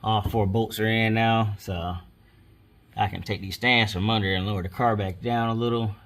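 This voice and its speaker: A man's voice: fairly low pitch, fairly even intonation, normal speed, a bit bright. A man hosting his car DIY channel, talking viewers through a repair step by step in a laid-back, slangy way while working on the car in a garage. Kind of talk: casual how-to vlog.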